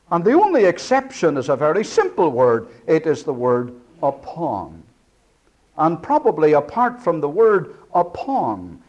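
A man preaching an expository sermon, breaking down words slowly and swinging from booming to hushed. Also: highs cut off.

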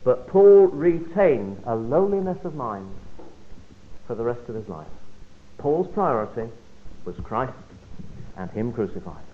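A man preaching a Bible study sermon, emphatic and expressive, often dropping to a quiet, low voice for emphasis. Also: measured pace, long pauses. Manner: expressive, emphatic delivery with sudden drops to quiet. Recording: phone-like narrow band.

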